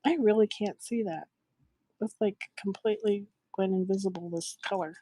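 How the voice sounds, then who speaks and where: A woman's voice: medium pitch, moderate pace. Giggly woman telling a funny story. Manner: animated, giggly, acts out quoted voices. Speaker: live shopping show host. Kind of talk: casual storytelling to a live chat.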